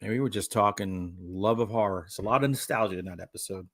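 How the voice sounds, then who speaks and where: A man co-hosting a horror podcast, goofy and animated, reading out rules and laughing at his own jokes. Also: lowish voice, fast talker, dry recording, clean studio sound. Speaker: podcast co-host. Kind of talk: casual comedy podcast chat.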